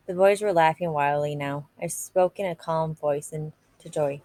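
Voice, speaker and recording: A woman reading a novel aloud in a steady, plain narrating manner. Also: low-pitched, moderate pace, hardly any pauses, dry recording. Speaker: reader.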